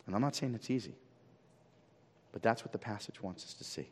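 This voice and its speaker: A man preaching a sermon as pastor, swinging from loud emphatic peaks to quiet low pleading and asking the congregation rhetorical questions. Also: fast, pauses often. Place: church sanctuary. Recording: long reverb of a church hall.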